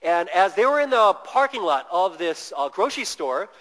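A fairly high-voiced man preaches with animated energy, swinging from hushed lows to loud bursts as he acts out the people in his stories. His voice rings with a long reverb, as if he stands in a big hall. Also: normal speed. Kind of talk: sermon.

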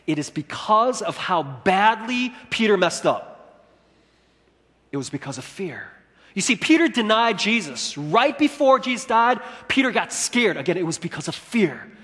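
Animated male preacher in a reverberant hall. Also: sits high, normal speed. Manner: animated preaching, acting out quoted lines. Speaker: pastor. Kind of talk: sermon.

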